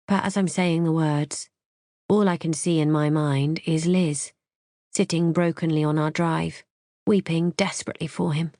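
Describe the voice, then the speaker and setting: Low-voiced woman narrating a thriller. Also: steady tone, mellow, no room sound, studio quality. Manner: measured, tense storytelling. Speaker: audiobook narrator. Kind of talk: first-person audiobook narration.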